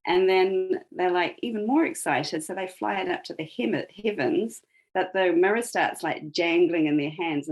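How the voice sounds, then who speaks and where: A woman with a lowish voice tells a story in conversation, thinking aloud as she goes. Her retelling is reflective and stresses the moments that matter to her. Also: low-quality recording. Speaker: guest.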